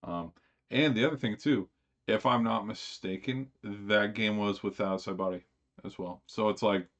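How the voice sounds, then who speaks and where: A man with a very low voice talks casually on a live stream, rambling with fillers and restarts. The sound is dull and slightly muffled. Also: normal speed, fairly bright tone.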